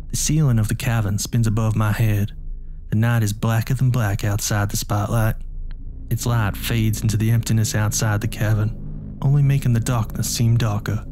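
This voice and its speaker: A deep-voiced man narrates a horror story in the first person. His delivery is slow and measured. Faint music plays behind him. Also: little pitch movement.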